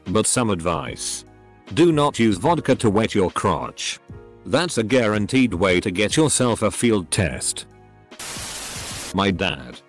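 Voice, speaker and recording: A man narrating online stories as scripted readings, in a lively, expressive way. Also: fairly low pitch.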